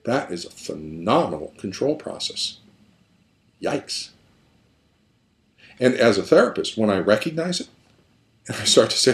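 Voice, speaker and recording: A man's voice: medium pitch, very animated, a little slow, pauses often. A man who works as a therapist, explaining a pattern step by step in an emphatic lecture with repeated phrases. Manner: emphatic, repetitive, building points step by step.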